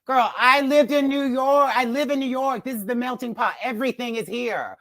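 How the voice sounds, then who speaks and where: A woman's voice: high-pitched, normal speed, a bit bright, no echo. A woman in her fifties, a guest speaking over a video call, telling candid stories between laughs in a casual chat. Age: 50s.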